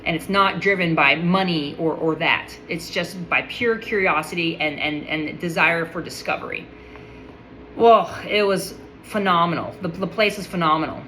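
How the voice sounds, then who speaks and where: A woman's voice: fairly low pitch, normal speed, pushed and bright, slight background noise, low-quality recording. A woman speaking in a casual, enthusiastic monologue, full of admiration and often restarting her sentences.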